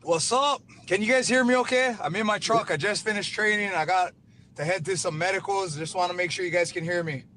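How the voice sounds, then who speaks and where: A man's voice: sits high, a little fast, a little hiss or hum. A man, a professional fighter, calling into a radio show from his truck, talking with energy and easy slang. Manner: energetic, laid-back slang. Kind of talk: casual call-in interview.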